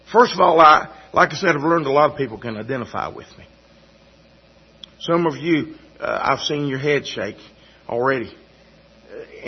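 A man giving a sermon testimony in a halting, folksy way, often repeating his words. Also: on the high side, husky. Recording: dull lo-fi recording.

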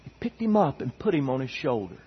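A man's voice: medium pitch, big pitch swings, a little fast, breathy edge, highs cut off. A man preaching a sermon as pastor, with impassioned, repeated emphatic phrases.

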